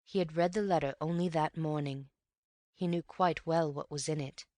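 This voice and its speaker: A woman narrating an audiobook in an even, measured storytelling manner. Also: low voice, no echo, clean studio sound. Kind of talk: scripted narration.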